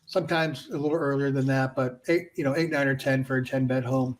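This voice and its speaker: A man, a franchise founder and guest, explaining his business in a casual interview and filling pauses with "you know". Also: mid-range voice, steady tone. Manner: conversational, filler-heavy with frequent "you know".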